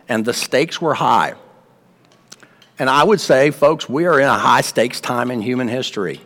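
A man preaching a sermon in a relaxed, conversational manner, with a mid-range voice. He repeats phrases and throws questions out to the congregation. His voice carries a long reverb from a large hall. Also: medium pitch. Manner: conversational, repeats words, asks the crowd. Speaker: pastor.

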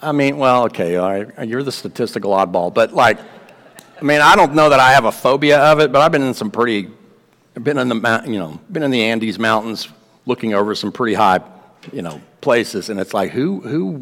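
A man's voice: lowish voice, a bit bright. A man preaching a sermon in a casual, conversational way, often repeating words and asking the congregation questions. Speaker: pastor. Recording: long reverb of a hall.

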